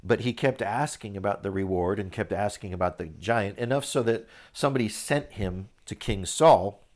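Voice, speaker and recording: A man reads a Bible passage aloud and then retells it in a relaxed, conversational manner. His voice sits fairly low, with easy restarts as he explains. He sounds like a teacher leading a Bible lesson. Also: moderate pace. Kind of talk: Bible reading with casual retelling.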